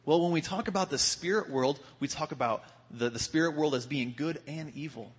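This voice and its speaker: Husky-voiced man teaching in a hall. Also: a little high, a little fast. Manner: casual, repeats words as he restarts. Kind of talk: casual youth sermon. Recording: long hall reverb.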